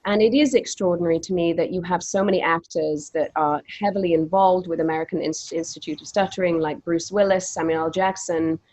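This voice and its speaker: A woman who stutters at times, telling stories in a lively way while moderating a panel on a video call. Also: on the low side, brisk, few pauses. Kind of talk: casual conversation on a video panel.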